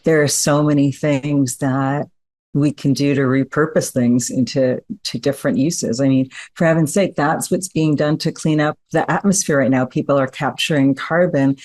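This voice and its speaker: Woman w a really low voice, lively storyteller, does little voices for people, dry sound. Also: moderate pace, no echo. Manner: lively storyteller who acts out quoted voices. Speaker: guest entrepreneur. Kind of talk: storytelling in an interview.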